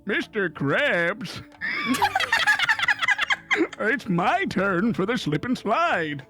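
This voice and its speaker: A streamer doing an impression of a small, scheming male cartoon plankton villain with a nasal, drawn-out delivery. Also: mid-range voice, big pitch swings, loud music behind the voice, pitched below the performer's own voice.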